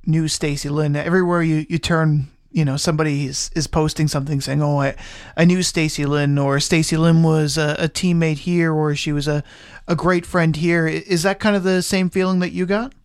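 A man with a somewhat high voice asks interview questions in a conversational way, stumbling and restarting now and then. He sounds like a radio news reporter. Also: level tone, normal speed, clear, resonant tone.

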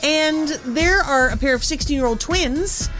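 A woman's voice: sits high, measured pace, a bit bright. A woman hosting radio, chatting in an upbeat, enthusiastic way, with faint music behind her. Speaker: radio host. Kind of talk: casual radio chat.

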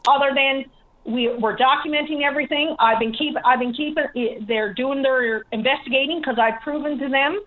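Woman caller, high voice, tinny phone line, insistent, halting. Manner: upset, insistent, halting with restarts. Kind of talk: phone-in call.

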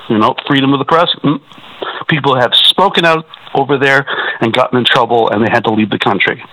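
A worked-up Canadian man calling a radio show, his voice bright and forceful. He trips over his words and restarts often as he argues. It sounds like a radio phone-in broadcast. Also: mid-range voice, brisk, slight background noise, rough recording. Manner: agitated, repetitive, stumbling restarts. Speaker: caller. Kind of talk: call-in radio talk.

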